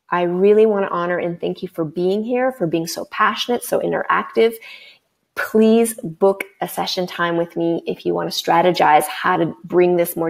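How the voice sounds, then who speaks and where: A woman's voice: medium pitch, vocal fry. A woman hosting a live webinar as a coach, talking in an effusive, bubbly way over a computer mic. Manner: effusive, bubbly, breathless excitement.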